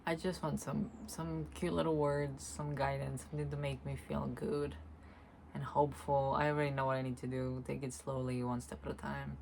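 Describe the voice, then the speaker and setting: A woman vlogging alone, speaking softly and reflectively, often pausing to search for words and breaking into laughter. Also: rumbling low, flat delivery, creaky, a little hiss or hum. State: tearful at times. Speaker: spiritual vlogger. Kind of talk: slow reflective monologue, energy reading.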